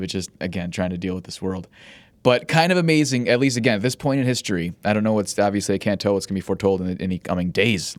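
A man's voice: low voice, dry recording. A man hosting his own one-man sports talk show, rambling in a glib, profane way with lots of false starts. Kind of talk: casual solo podcast monologue.

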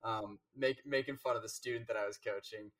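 Far from the mic, a man with a lowish, steady, fairly bright voice talks fairly quickly. He's a Rocket League coach guesting in a casual interview, wandering through stories full of fillers and restarts.

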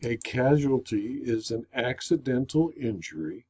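Slow, mellow-voiced man lecturing formally. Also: medium pitch, expressive, slightly rough. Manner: measured, formal, deliberate delivery. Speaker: insurance claims consultant. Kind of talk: scripted explanatory lecture.

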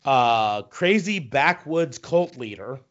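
A man's voice: mid-range voice, lively intonation, fairly bright tone, highs cut off. Profane ranting man on a podcast. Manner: profane, ranting, halting restarts. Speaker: podcast co-host. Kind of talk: casual wrestling chat.

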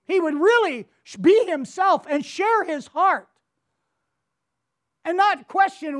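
A high-voiced woman gives a devotional Bible teaching at an unhurried pace. She is emphatic, repeats words for stress and keeps asking rhetorical questions. She reads scripture aloud with feeling. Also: lively intonation.

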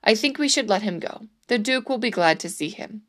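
A woman's voice: mid-range voice, lively intonation, a little fast, a bit bright, natural voice. A placating court doctor, as a woman reading a storybook voices him, soothing and eager to please. The voice stays close to the reader's own. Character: conciliating court doctor, grown man.

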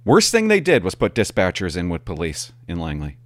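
A man's voice: sits low, brisk, dry recording. A middle-aged man, a former police officer, telling stories to camera and acting out the people in them. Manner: animated, acts out quoted people. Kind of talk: storytelling vlog.

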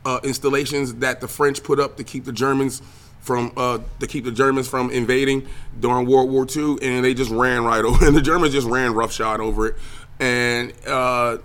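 A young man hosting his own podcast, ranting casually and profanely about video games and the news, with lots of fillers. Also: mid-range voice. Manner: profane, animated, trailing filler words. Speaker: podcast host and streamer. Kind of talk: casual solo podcast rant.

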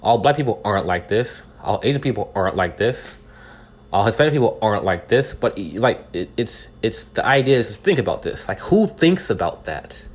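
Animated and a little fast, the Californian podcast commentator speaks in a lowish voice while giving casual news commentary. He earnestly puts rhetorical questions to the listener, with frequent restarts and repeated words.

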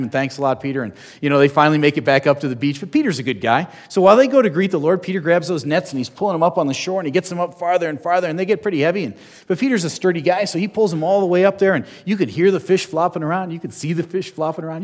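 A man's voice: on the high side, rapid-fire. A middle-aged man preaching a sermon, telling a story and putting rhetorical questions to his listeners.

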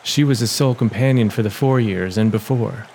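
A man giving a measured, dramatic reading as the narrator of his own audio adventure story, in a noisy home recording. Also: fairly low pitch, creaky, darkish tone. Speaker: storyteller and writer.

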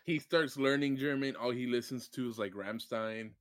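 A man's voice: medium pitch, normal speed, a bit bright, clear, resonant tone. A man co-hosting a podcast, joking around and reading chat comments aloud. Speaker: podcast co-host. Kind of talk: casual podcast banter.

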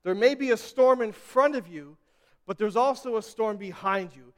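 A man's voice: high voice, moderate pace, a bit bright, in a large hall. A man preaching a sermon as pastor, repeating himself with restarts and building to emphatic peaks. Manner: repetitive, stammering restarts, building to emphatic crescendos.

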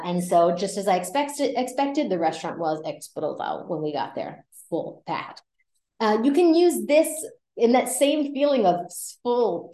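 A woman hosting a casual language lesson, explaining words in a relaxed way with small fillers and restarts. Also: mid-range voice, reverberant. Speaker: Spanish teacher and podcast host.

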